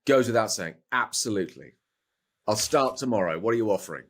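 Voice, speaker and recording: A man's voice: on the low side, animated, brisk, a bit bright. A middle-aged British man, a voice actor, chatting casually in an interview, rambling with restarts and playful asides. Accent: British English. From Britain. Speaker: voice actor guest.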